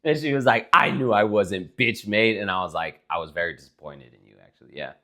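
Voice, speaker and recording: A man's voice: on the low side, fairly quick. A young man co-hosting a casual podcast with his sister, telling stories animatedly and swearing freely. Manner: animated storytelling, acts out quotes, swears a lot. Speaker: podcast co-host. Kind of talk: casual chat.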